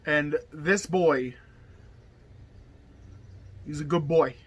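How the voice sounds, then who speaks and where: His voice is a little high and slightly rough, with drawn-out words. As a deck tech host in a casual hobby video, he rambles chattily through his card game deck, filling gaps with okay and you know.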